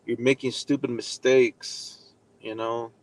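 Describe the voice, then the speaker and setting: A man's voice: mid-range voice, flat delivery, slow pace. A man giving a casual live lesson, rambling with many fillers and speaking bluntly, with some profanity. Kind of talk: casual live-stream talk.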